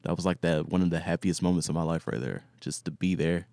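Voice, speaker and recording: A man as a podcast guest in casual chat, relaxed and emphatic, laughing along. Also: low-pitched, fast, vocal fry, no echo, clean studio sound.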